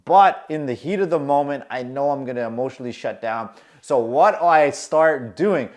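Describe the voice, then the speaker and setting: Man with a high-ish voice telling a story. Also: a little fast, hardly any pauses. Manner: acts out his own anxious inner monologue; lively, shifts from tense mutters to emphatic bursts. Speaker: confidence coach. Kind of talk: personal storytelling to camera.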